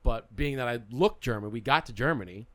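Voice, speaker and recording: A man's voice: mid-range voice, animated, a little fast, a bit bright. A young man who hosts a podcast and tells rambling stories in casual chat, repeating words as he goes. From Long Island, New York. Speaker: podcast host.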